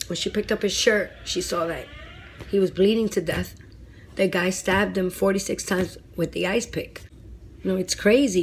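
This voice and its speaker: A woman vlogger telling a personal story in a casual, animated and dramatic way, blunt and free with swearing. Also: lowish voice, slight background noise. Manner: animated, dramatic retelling with lots of "like".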